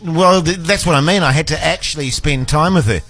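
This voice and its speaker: A man's voice: a little high, a little fast, a bit bright, faint music behind. A man, hosting a radio show and telling stories in casual, exasperated banter. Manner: chatty storyteller, exasperated asides. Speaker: radio host.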